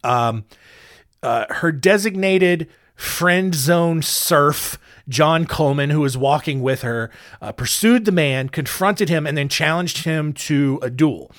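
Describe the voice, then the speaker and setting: A man's voice: a little high, takes it slowly, a bit bright. Joking man telling odd history. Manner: joking, rambling asides with many ums. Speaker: podcast host. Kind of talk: comedic history storytelling.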